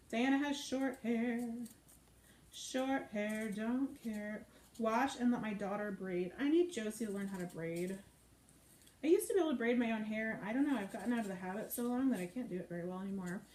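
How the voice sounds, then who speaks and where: A woman's voice: on the high side, moderate pace, a little mellow. A woman hosting a live cooking stream, chatting playfully and reading out viewer comments as she cooks. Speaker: cooking show host. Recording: echoey room with faint noise.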